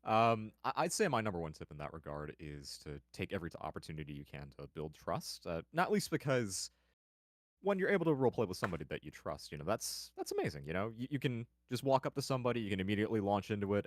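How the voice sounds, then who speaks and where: Deep-voiced man, quick and lively, rambling and playful, on a call. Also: dry recording, studio quality. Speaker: panelist on a roleplay Q&A stream. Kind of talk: casual chat.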